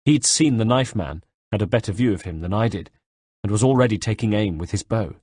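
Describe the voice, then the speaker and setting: Male audiobook narrator, low breathy voice, dry close sound. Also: expressive, fairly quick, darkish tone, dry recording. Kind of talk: first-person audiobook narration.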